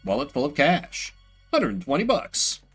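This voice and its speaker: A man's voice: on the high side, big pitch swings, normal speed, vocal fry, fairly bright tone, breathy edge. A man streaming a horror game, talking through it in chatty, self-mocking let's play commentary. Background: faint game music.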